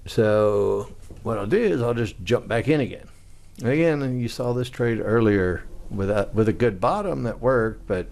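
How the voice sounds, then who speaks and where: Low gravelly man explaining trades. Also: a little mellow. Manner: casual, conversational, acts out trader frustration. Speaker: trading instructor. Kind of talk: screen-share trading walkthrough.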